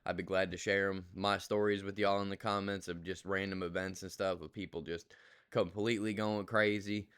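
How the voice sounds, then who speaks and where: A young man rants casually to his viewers about rude customers. His voice sits low and sounds smooth and clear. He repeats himself with exasperated emphasis, yet stays reassuring. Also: level tone, normal speed, a bit bright. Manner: exasperated, repetitive, reassuring, colloquial. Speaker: customer service rep vlogger. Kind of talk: casual ranting monologue to camera.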